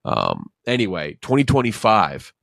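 A man's voice: lowish voice, wildly swooping pitch, moderate pace, gravelly, fairly bright tone, no room sound, studio quality. A man co-hosting a casual movie podcast, rambling through opinions with frequent restarts. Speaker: podcast co-host.

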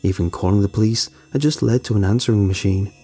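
Brief: man, horror narration, dark husky low voice, tense delivery, faint music under. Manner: tense, dramatic pauses. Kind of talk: scripted horror story narration.

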